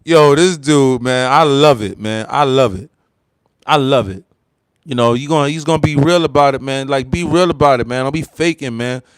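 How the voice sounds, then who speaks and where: A man's voice: medium pitch, normal speed, clean tone, no room sound. An American man hosting a heated political commentary livestream, fired up and repeating himself as he talks straight to viewers. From United States. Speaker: livestream host.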